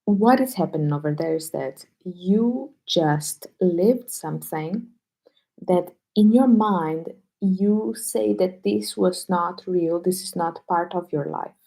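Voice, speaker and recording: A woman teacher on a live stream, speaking low and hushed at home so she won't wake people sleeping nearby. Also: takes it slowly, creaky, poor audio.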